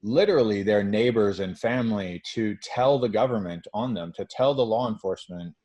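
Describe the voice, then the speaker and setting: A man's voice: lowish voice, moderate pace, warm tone, lo-fi sound. A man hosting a podcast interview, talking earnestly and emphatically and restarting his phrases. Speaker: podcast host. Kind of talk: conversational interview.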